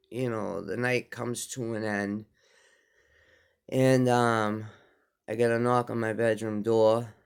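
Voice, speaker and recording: Man, slow drawl, gravelly, halting casual storytelling. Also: fairly low pitch. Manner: slow, halting, with many fillers and restarts. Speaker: vlogger telling a personal story.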